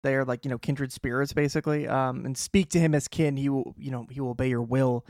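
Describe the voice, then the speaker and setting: A man co-hosting a podcast, recapping a show in casual, chatty talk with quick asides. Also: medium pitch, steady tone, a little mellow, no echo, studio quality. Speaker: podcast co-host.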